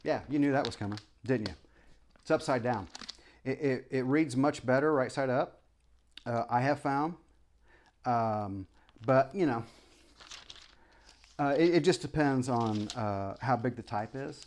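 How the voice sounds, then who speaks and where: Halting, impassioned man ranting to camera. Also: medium pitch, darkish tone, a little hiss or hum. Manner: halting, many restarts and apologies; impassioned rhetorical questions. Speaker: vlogger; former preacher. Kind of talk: rambling opinion monologue.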